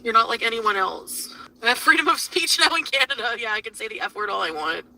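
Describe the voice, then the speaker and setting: A woman's voice: a little high, expressive, fast, pushed and bright. A woman venting angrily on a livestream, swearing heavily as she rants at length. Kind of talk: emotional livestream rant. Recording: distant mic with faint noise.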